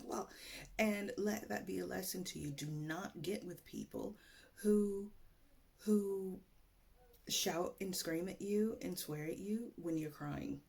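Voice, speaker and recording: Low, slow-talking woman telling a story. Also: vocal fry, a little mellow, husky. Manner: profane, rambling, self-mocking. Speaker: podcast host. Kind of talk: casual storytelling monologue.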